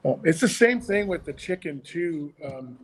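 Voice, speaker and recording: A man's voice: on the high side, lively intonation, normal speed, big-room sound, slight background noise, poor audio. A man co-hosting a casual chat about children's ministry puppetry, talking in a rambling way with many restarts.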